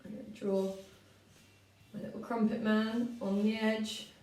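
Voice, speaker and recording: A woman teaching children how to build a story, speaking clearly and patiently at a mid-range pitch. Her voice carries a roomy echo. She sounds a little away from the microphone. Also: a little slow. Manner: clear and patient, with lively expressive reading. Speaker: primary school teacher. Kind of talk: story-writing lesson for children. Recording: roomy, from a distance.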